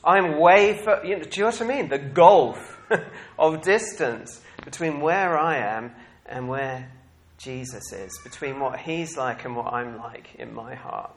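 A man preaching a sermon to his congregation, animated and laughing often, swinging from quiet reflection to loud bursts of excitement. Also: mid-range voice, measured pace, a little hiss or hum.

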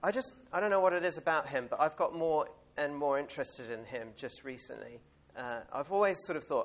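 A man's voice: on the high side, normal speed. A man giving an informal sermon in a church, chatty and rambling, with plenty of fillers and light laughs. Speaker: preacher.

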